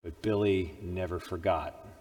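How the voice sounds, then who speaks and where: Man, preacher, sermon, slow deliberate pace, dramatic loud-to-soft swings, long reverb of a hall. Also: deep voice, steady tone. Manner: dramatic, swings from loud proclamations to hushed tones. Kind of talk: sermon with storytelling.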